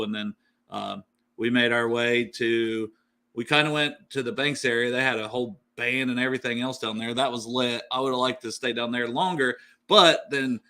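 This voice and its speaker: Bright-voiced man telling rambling fan stories. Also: mid-range voice. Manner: rambling storyteller, many fillers and laughs. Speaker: podcast co-host. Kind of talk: casual sports podcast chat.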